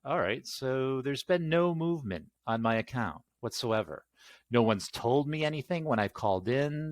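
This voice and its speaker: A man's voice: on the low side, fairly bright tone, no echo. A man ranting casually and at length, exasperated and swearing, rambling through a complaint. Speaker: channel host.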